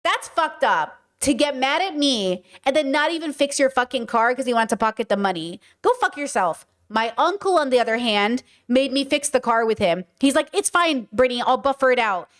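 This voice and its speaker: A woman hosting a stream, telling a story in a blunt, profane and animated way. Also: sits high, normal speed, few pauses. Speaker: podcast and stream host. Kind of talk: casual storytelling to a livestream audience.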